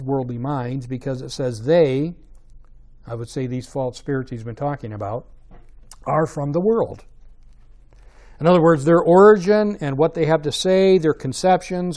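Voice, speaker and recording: Emphatic, higher-voiced male Bible teacher. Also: darkish tone. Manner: conversational, asks rhetorical checks, rises to emphatic stresses.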